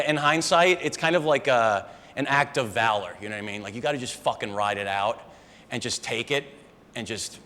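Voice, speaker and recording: Rambling stand-up comic in a reverberant room. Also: male voice, mid-range voice, fairly bright tone. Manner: rambling, conversational, swears often. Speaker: stand-up comedian. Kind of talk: live stand-up set. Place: live comedy venue with audience. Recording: live room reverb, faint background noise.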